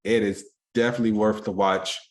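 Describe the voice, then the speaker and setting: The speaker is a male podcast co-host with a fairly low pitch, level tone, and brisk delivery. His casual talk is rambling and filler-heavy, with restarts and soft trailing endings, all aimed directly at listeners.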